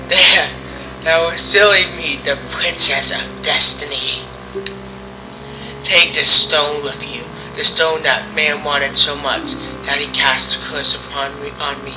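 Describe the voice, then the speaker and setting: A man's voice: fairly high pitch, fairly even intonation, music in the background, low-quality recording. A man putting on a dying ancient tree spirit. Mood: solemn. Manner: stiff, halting, old-fashioned solemn delivery with slips. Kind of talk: amateur game dub.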